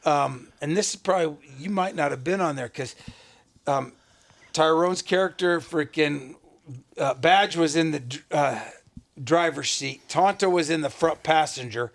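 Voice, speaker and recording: Rambling, higher-voiced man guest. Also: unhurried. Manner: rambling, filler-heavy, casual profanity. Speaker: podcast guest. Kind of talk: casual interview chat.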